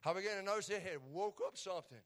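A middle-aged man preaches in a striking, very high voice. He tells his testimony animatedly, dropping to near whispers and then rising to shouts, and repeats phrases for emphasis. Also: racing. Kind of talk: sermon storytelling.

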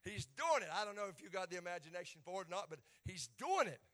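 A middle-aged man with an Appalachian accent preaching a sermon in a folksy way, dropping to quiet asides and building up to shouted peaks. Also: high-pitched, big pitch swings, fast. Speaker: pastor.

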